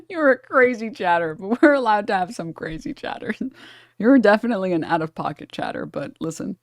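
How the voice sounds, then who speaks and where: Woman streamer, casual reaction talk, blunt and swearing, mid pitch, dry close mic. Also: very animated, moderate pace, no echo. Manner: blunt, profane, mocking.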